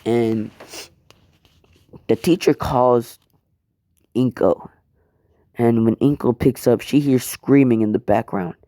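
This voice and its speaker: A man's voice: medium pitch, steady tone, slow, long pauses, warm tone, no room sound, studio quality. A man casually telling a fan story in a laid-back, rambling way, with some swearing.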